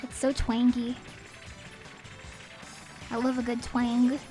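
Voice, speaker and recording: Brief: bright, high-pitched woman game streamer, rambling and playful, slightly sniffly. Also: completely flat delivery, takes it slowly, low-quality recording. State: a little sniffly. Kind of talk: casual game stream chat. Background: faint game music.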